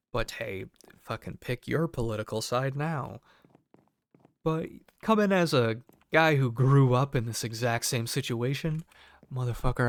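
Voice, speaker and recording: A young American man, a cable technician, tells a story from work in a casual, sarcastic, profane way, acting out the voices of the people involved. His voice sits in the mid-range, and there's no echo.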